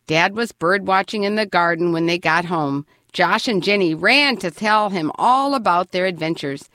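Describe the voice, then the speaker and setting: A woman narrating a children's storybook in an expressive, lively reading voice. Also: on the low side, normal speed, few pauses, no echo, studio quality.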